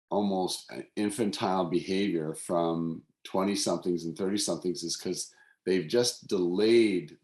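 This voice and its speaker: A man's voice: sits low, darkish tone. A man hosting an interview, talking casually and thoughtfully, with frequent halts and restarts. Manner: halting, many restarts, thoughtful. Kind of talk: casual conversation. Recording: roomy echo.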